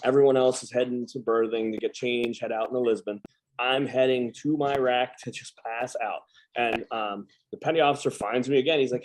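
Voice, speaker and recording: Mid pitched dude hosting, chatty and rambling. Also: male voice, brisk, rough recording. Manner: chatty, rambling, lots of fillers and restarts. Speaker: podcast host and veteran. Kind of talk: casual chat.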